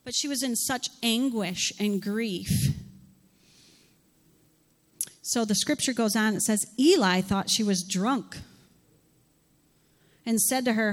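A woman pastor delivering a sermon in an animated way, asking rhetorical questions and acting out scripture dialogue. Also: on the high side, slow, long pauses. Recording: long hall reverb.

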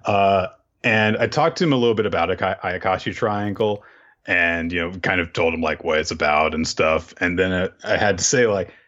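A man co-hosting a podcast in casual chat, rambling and jokey, bursting into high laughing voices. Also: fairly quick, a bit bright, muffled recording. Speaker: podcast co-host.

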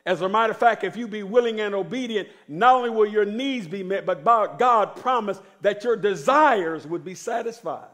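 A man's voice: high-pitched, fairly bright tone, faint music behind. A middle-aged man preaching a sermon as pastor, calling on the congregation to answer and stretching out key words. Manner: preaching with call-and-response to the congregation; drawn-out emphatic phrasing when reading scripture.

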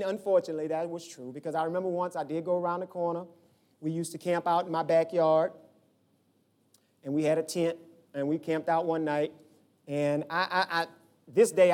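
Man, pastor, sermon, high pitch, storytelling, shouts and low asides. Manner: animated storytelling, acts out quoted voices, swings from shouts to low asides.

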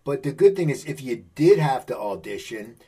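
A man interviews a guest, asking long rambling questions. His voice has a husky, slightly rough edge. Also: medium pitch, expressive, normal speed, dark tone. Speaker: interviewer, host.

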